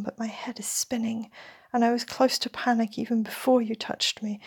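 A woman narrating an erotic story in the first person as a whispered role-play, with a breathy, intimate delivery. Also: a little high, darkish tone.

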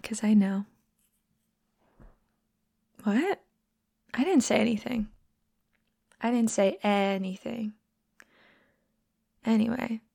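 A woman's voice: on the high side, takes it slowly, creaky, long pauses, dry recording, studio quality, full character voice. A woman doing a teasing, whispery young friend. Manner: soft teasing whispers and giggles. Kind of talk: whispered role-play.

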